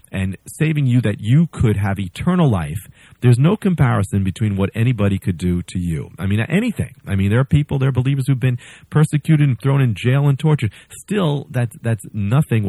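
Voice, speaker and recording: A man's voice: medium pitch, warm tone, breathy edge, no room sound. A man preaching a sermon in a conversational way, often restarting his sentences and acting out voices as he tells a story.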